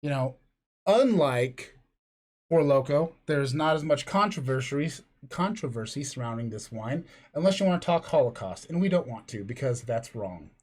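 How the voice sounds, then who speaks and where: A man's voice: mid-range voice, expressive, normal speed, darkish tone. A man co-hosting a podcast, rambling through crude jokes in casual chat. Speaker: podcast co-host.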